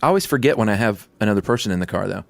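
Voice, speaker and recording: A man co-hosting a casual podcast chat, telling relaxed anecdotes. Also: lowish voice, racing, creaky, no echo. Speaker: podcast co-host.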